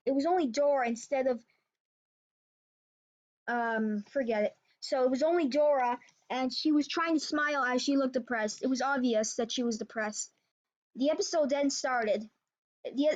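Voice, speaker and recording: This storyteller has a high, slightly mellow voice as she rambles through a creepypasta in an offhand way, frequently backing up to fix what she said. The audio has a dull, lo-fi quality.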